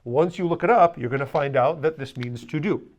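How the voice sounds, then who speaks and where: A man's voice: fairly high pitch, brisk, highs cut off. Emphatic man teaching a language class. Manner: emphatic, drills pronunciation with repeat-after-me; dry humorous asides.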